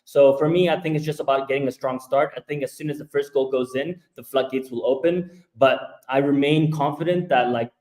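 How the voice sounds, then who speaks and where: A man on a football podcast panel, calmly reasoning through how the game should go. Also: medium pitch, a little fast, hardly any pauses, poor audio. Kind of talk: casual chat.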